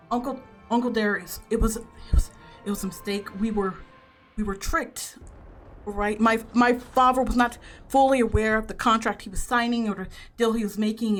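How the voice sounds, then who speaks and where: A woman's voice: medium pitch, a bit bright, natural voice. A woman voicing an anxious father who speaks urgently, stumbling over his words. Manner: urgent, faltering. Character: anxious father, earnest, trying to calm things.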